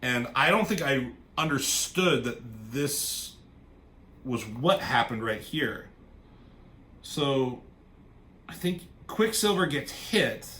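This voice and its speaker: A man's voice: medium pitch, pushed and bright, slight background noise. A man reviewing a comic book in a loose, rambling, casual way, swearing freely and trailing off as he goes.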